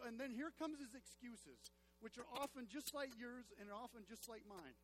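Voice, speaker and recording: High-voiced man preaching with emphatic repetition. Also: lively intonation, normal speed, sharp tone, a little hiss or hum. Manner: emphatic, repeats key phrases to the congregation. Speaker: pastor. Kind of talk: sermon. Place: church.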